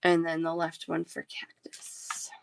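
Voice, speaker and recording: A woman's voice: low-pitched, completely flat delivery, measured pace, vocal fry, a little hiss or hum. A woman in her thirties, a talkative and giggly live-stream bead seller chatting casually with her viewers.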